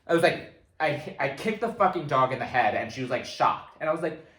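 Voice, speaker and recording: A man in casual conversation who is loudly opinionated and likes to curse. His voice is highly animated, leaping up when he acts out what others said. The room around him rings with echo. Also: brisk. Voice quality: animated, swings into loud mock voices when quoting. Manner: opinionated, profane storyteller. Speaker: podcast co-host. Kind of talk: casual chat.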